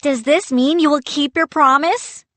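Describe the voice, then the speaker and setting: Woman doing a young kid, high, bright, urgent, pleading, dry close audio. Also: unhurried, no room sound. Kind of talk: audiobook character voice.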